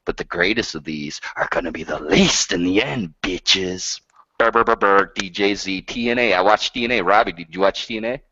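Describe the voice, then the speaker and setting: A man's voice: sits low, brisk, hardly any pauses, sharp tone, slightly rough, no echo. A man co-hosting a live stream, ranting in brash, profane banter. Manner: brash, ranting, swears constantly. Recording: lo-fi stream audio with faint hiss.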